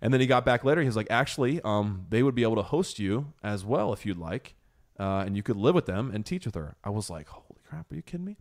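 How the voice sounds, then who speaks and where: A man's voice: fairly low pitch, lively intonation, fast talker. A young man hosting a podcast, who tells a story in a casual chat and acts out the quotes with animation. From United States. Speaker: podcast host.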